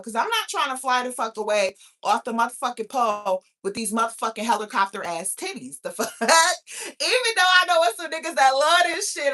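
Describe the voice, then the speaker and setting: This thirty-something podcast host keeps her talk show chat casual, brash and full of swearing and laughter. She speaks at a fairly high pitch that sounds pushed and bright.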